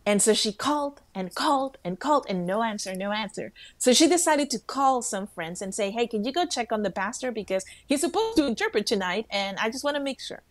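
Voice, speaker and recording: A woman co-hosting a faith talk show, telling a story with lively quoted voices. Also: on the high side, brisk, few pauses, no room sound. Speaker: co-host.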